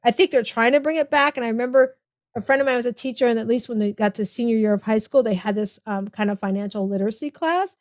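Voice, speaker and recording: A middle-aged woman hosts a relaxed podcast chat, agreeing warmly and wandering into asides. Her voice is fairly high and the recording is close and dry, with no room sound. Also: quick pace, dry recording. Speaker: podcast host. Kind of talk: casual interview chat.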